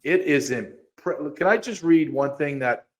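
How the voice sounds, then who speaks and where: A man co-hosting a podcast in casual chat, animated and quick to get excited, sometimes reading quotes aloud. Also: fairly high pitch. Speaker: podcast co-host.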